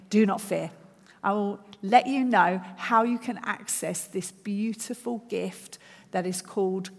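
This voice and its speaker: A woman's voice: medium pitch, long reverb tail. A woman preaching a sermon at a church service. She speaks earnestly and builds her points through repeated phrases.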